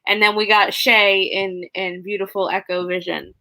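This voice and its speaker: Woman co-host, self-deprecating chat, bright voice, close dry mic. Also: medium pitch, flat delivery, moderate pace, dry recording, low-quality recording. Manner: self-deprecating, stumbling restarts. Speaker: co-host of a writing livestream. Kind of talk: casual chat.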